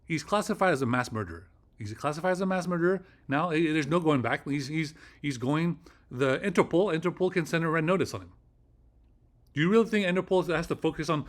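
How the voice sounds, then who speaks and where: A man in his own casual vlog monologue, talking in a voice pitched a little above the usual. He rambles through many fillers and hammers points home by repeating them. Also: fast talker. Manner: rambling, filler-heavy, repeats phrases for emphasis. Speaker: channel host.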